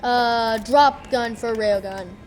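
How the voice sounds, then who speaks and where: A woman hosting a let's play, commenting excitedly on her game, squealing and mocking herself. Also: on the high side, slow pace, soft background music. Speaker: gaming channel host.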